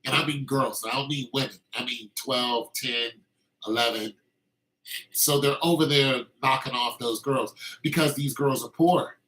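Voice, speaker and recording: A man's voice: medium pitch, fairly even intonation, unhurried, a bit bright, low-quality recording. A man hosting a podcast, delivering an opinionated casual monologue, heated and emphatic with frequent restarts. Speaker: podcast host.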